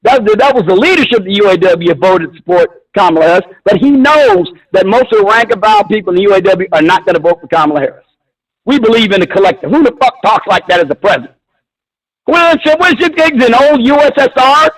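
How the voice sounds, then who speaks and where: Guy with a really high voice calling in, blunt, swears a lot, picks fights. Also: sing-song, fast talker, poor audio. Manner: combative, profane, blunt. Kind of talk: heated call-in argument.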